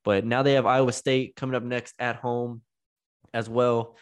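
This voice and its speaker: A man's voice: mid-range voice, flat delivery, normal speed, clean tone. A man co-hosting a sports podcast, reading off scores and stats in casual chat and now and then tripping over a word. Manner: talks through stats, trips over words. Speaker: podcast co-host.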